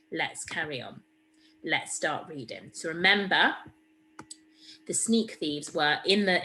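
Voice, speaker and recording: Woman teacher, recorded reading lesson, encouraging, lowish voice. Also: pushed and bright, low-quality recording. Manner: encouraging, explains step by step. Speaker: primary school teacher.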